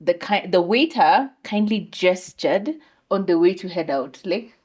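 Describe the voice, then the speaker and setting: A woman's voice: on the low side, animated, a little slow, darkish tone, breathy edge. A young adult woman chatting casually as a podcast co-host, reflective and acting out quoted voices. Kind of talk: casual chat.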